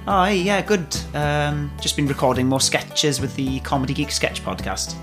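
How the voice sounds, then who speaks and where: Low-voiced bossy woman. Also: moderate pace, over music. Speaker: sketch podcast host. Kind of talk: comedy sketch.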